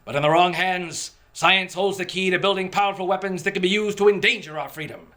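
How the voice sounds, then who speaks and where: An actor playing a cocky, pompous big-city detective hero in the style of a 1940s radio serial. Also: male voice, high-pitched, steady tone, fairly quick, sharp tone. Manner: pompous, self-assured, earnest proclamations. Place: stage.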